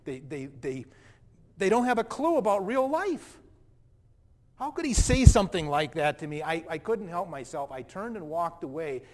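Here a man performs the part of a wealthy young man full of pride and indignation, speaking a theatrical monologue in the first person. He sounds slightly high-pitched, and his tone is animated, defensive and self-righteous, carried by a long hall reverb.

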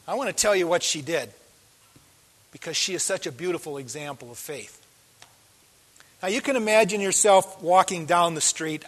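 A man preaching a sermon as pastor, telling the story with animated delivery and acting out the voices in it. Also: on the high side. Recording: long hall reverb.

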